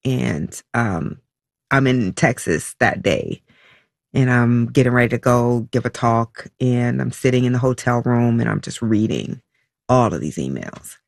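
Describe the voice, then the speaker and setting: A woman speaks with a gravelly, creaky edge, recorded close and dry with no room sound. She tells her story haltingly, circling back on herself with fillers and restarts. Her pitch sits at an ordinary middle height. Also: expressive, a little mellow, no room sound. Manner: halting and emotional, full of "like" and restarts. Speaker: interview guest, mother. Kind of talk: personal storytelling in an interview.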